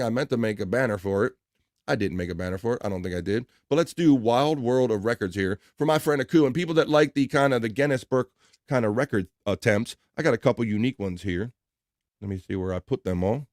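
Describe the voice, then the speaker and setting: A man's voice: mid-range voice, fairly quick, darkish tone, dry recording, studio quality. A middle-aged man hosting a livestream, chatting loosely and reading out viewer comments. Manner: rambling, loose and chatty with fillers. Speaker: livestream host.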